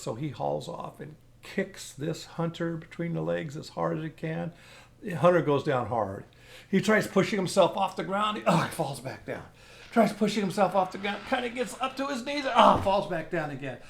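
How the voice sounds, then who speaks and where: A middle-aged man telling a folksy story casually, animated with sound effects. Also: fairly high pitch, gravelly.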